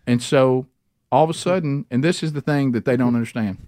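A man's voice: medium pitch, fairly quick, warm tone. A man hosting a radio show, telling a rambling story with lots of restarts. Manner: rambling, self-interrupting storyteller. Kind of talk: casual talk radio storytelling. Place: radio studio.

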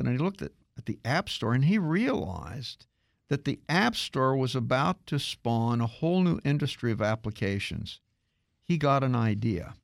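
A man hosting a radio tech show, telling a story in a lively, casual way with many restarts. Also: a little high, creaky, no echo, studio quality. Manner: animated storytelling with frequent restarts.

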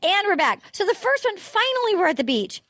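A woman hosting a casual chat, telling stories in a gushing, animated way. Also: extremely high pitch, fairly quick, background noise. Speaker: podcast host.

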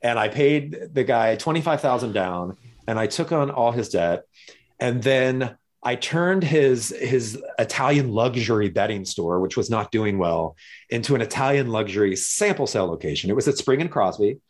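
A man's voice: medium pitch, expressive, moderate pace. A man from Missouri, a guest in an interview, telling his story in a conversational way and acting out other people's lines in quoted voices. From Missouri, USA.

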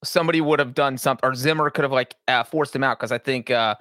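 Halting male podcast co-host, dry sound. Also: mid-range voice, a bit bright, no room sound. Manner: conversational, halting. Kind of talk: casual podcast chat.

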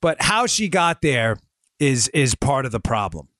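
A man's voice: mid-range voice, big pitch swings, unhurried, a bit bright, no echo, clean studio sound. A man in his forties hosting a political commentary podcast, talking emphatically to his listeners with sarcastic asides and stories. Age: 40s. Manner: storytelling, addresses listeners as folks. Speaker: podcast host.

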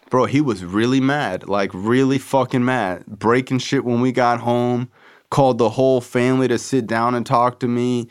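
A man's voice: medium pitch, steady tone, moderate pace, clean tone. A young man hosting a podcast, telling a personal story in a loose, profane way and acting out the voices of people he quotes. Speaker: podcast host. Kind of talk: casual storytelling.

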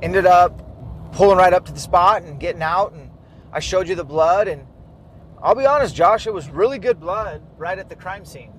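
Telling a hunting story in a casual, chatty way, this high-pitched man keeps a moderate pace and livens things up by acting out the quoted dialogue. A faint hiss or hum sits in the recording.

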